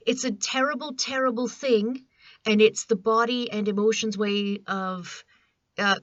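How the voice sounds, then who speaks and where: A woman's voice: mid-range voice, fairly bright tone, no room sound, muffled recording. A woman in her forties chatting casually to camera from her small home studio, rambling and self-deprecating. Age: 40s. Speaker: vlogger.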